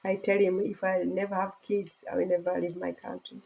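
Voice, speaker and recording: Middle-aged woman from Tanzania, earnest casual vlog to phone, mellow husky tone. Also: on the low side, level tone, fairly quick, muffled recording. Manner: earnest, speaking broken English with laughter. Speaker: vlogger.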